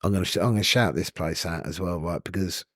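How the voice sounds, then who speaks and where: A man's voice: low voice, fast talker, fairly bright tone, dry recording, studio quality. A man, a podcast guest telling his story in a candid, rambling way with many "you know what I mean"s.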